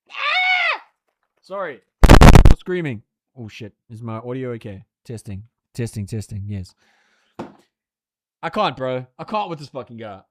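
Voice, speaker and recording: A man hosting a live race watchalong stream, giving excitable, profane, ranting commentary. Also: high-pitched, no room sound, clean studio sound.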